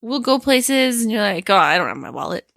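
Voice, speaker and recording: A woman's voice: mid-range voice, sing-song, brisk, gravelly, a bit bright, no room sound, studio quality. A woman co-hosting a podcast in casual chat, teasing and laughing often. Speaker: podcast co-host.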